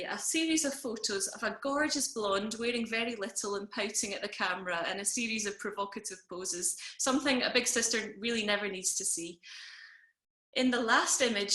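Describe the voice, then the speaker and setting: Bright, wry woman telling a funny story. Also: fairly high pitch, echoey room. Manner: wry, self-deprecating comic storytelling. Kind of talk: personal story told to an online audience. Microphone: video call.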